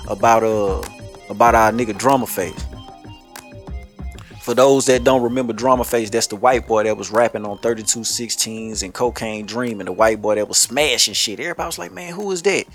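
On a commentary show, a male host with a lowish voice talks at a brisk clip over soft background music. He rants bluntly in profane street slang, cursing heavily and telling stories with animated energy.

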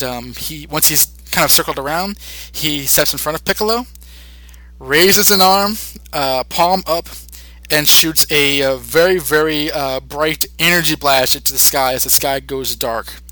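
A man's voice: mid-range voice, pushed and bright, no room sound. A young man hosting a podcast, casually retelling a cartoon episode with many fillers and restarts. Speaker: podcast host.

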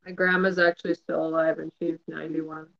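A man's voice: fairly high pitch, flat delivery, a little fast, creaky, dull audio. A man chatting casually, hesitant, often trailing off with fillers and small laughs. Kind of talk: casual chat.

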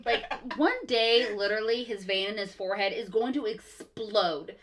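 Animated woman podcast host. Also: medium pitch, normal speed. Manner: lively, swears, reads quotes aloud. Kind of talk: casual podcast chat.

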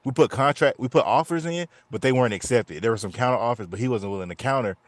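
A man in his thirties, co-hosting a podcast, telling a story in a lively, profane way and often repeating himself. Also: medium pitch, fast, dry recording. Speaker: podcast co-host. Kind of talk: casual chat.

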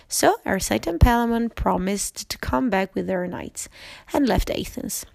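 A woman's voice: medium pitch, lively intonation, measured pace, vocal fry, darkish tone, no room sound. A woman narrating a storybook reading carefully, with small slips and restarts.

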